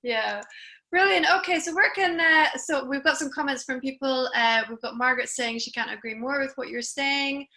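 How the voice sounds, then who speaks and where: A woman hosting a live online interview show, with a Scottish accent softened by years abroad, chatty and enthusiastic. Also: high voice, moderate pace. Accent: Scottish with an expat mix. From Scotland. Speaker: show host.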